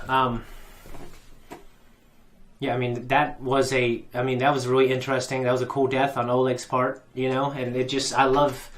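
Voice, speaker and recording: A man's voice: medium pitch, fairly bright tone. Emotional man rambling through a recap. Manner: rambling, emotional, many restarts and fillers. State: teary, choked up. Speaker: reaction channel host. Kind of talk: casual emotional episode recap.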